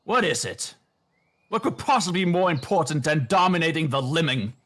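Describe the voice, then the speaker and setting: A man's voice: on the high side, expressive, normal speed, fairly bright tone, voice pushed up. A man voicing a scheming, shrouded male cultist puppet in a tabletop game's puppet play. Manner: scheming, sly.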